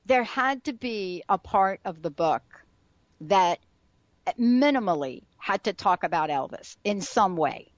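A woman's voice: mid-range voice, lively intonation, measured pace, no room sound, dull audio. A woman hosting a radio talk show, chatty and effusive as she introduces her guest. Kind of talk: radio interview.

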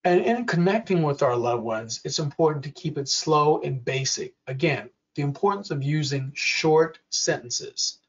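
A man in his sixties giving an educational workshop talk, speaking slowly and clearly and acting out quoted examples. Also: fairly high pitch, lively intonation, recorded from a distance. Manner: slow, deliberate, acts out quoted examples. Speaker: workshop presenter. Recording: dull lo-fi audio.

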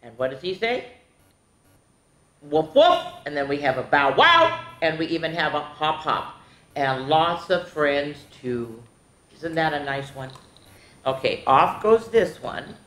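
Lively woman reading stories to kids. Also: sits low, unhurried. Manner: playful, animated, talks to kids directly. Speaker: children's storytime reader. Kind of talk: reading picture books aloud to children. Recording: echoey room.

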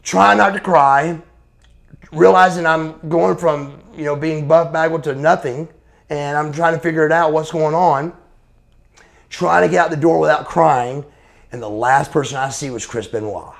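A man in his forties who used to wrestle professionally gives an interview in a gravelly, slightly high voice with a steady tone and moderate pace. He tells blunt, profane stories casually, calling the listener brother.

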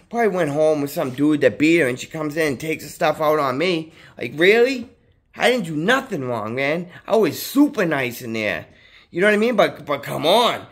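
Rambling, excitable man telling a story. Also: on the high side. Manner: rambling and profane, full of "dude" and "you know what I mean"; excitable, voice jumps up when worked up. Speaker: vlogger. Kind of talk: casual storytelling to camera.

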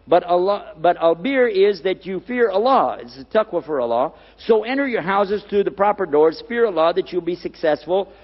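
An older man preaching a lecture, animated, putting questions to the audience and repeating key words. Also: fairly high pitch, in a large hall, dull audio. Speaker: Islamic preacher.

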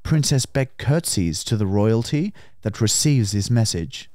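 A man's voice: on the low side, measured pace, no room sound, clean studio sound. A man co-hosting a comedy podcast, reading out dating-app chats with lots of swearing. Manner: reads messages aloud in animated put-on voices, swearing freely. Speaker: podcast co-host.

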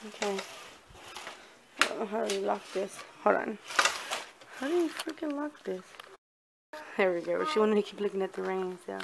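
A young mom vlogs casually with her daughter on a handheld phone, chatting with viewers and mixing English and Spanish as she moves between home and the rainy outdoors. Her medium-pitched voice is gravelly, at normal speed, with frequent pauses. The recording is very noisy.

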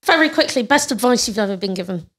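Lively woman co-host. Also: fairly high pitch, quick pace. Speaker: podcast co-host. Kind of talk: casual interview chat.

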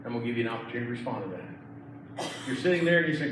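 A man's voice: mid-range voice, lively intonation, racing. A middle-aged man, a pastor, preaching an emphatic sermon with repeated phrases. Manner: emphatic, repetitive preaching with rising intensity. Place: church sanctuary. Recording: echoey church from far off, noisy.

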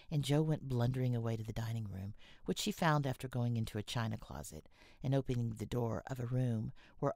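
A woman's voice: rumbling low, vocal fry, mellow, no echo, clean studio sound. A woman narrating a classic novel as an audiobook, reading expressively and often dropping into a whisper. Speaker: audiobook reader.

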